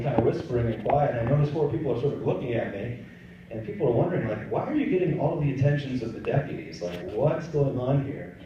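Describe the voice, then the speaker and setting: Man, missionary testimony, conversational storytelling, mellow tone, distant dull recording. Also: medium pitch, slight background noise. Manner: conversational, acts out dialogue in quotes. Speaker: pro-life missionary. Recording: distant, echoey, dull-sounding room recording.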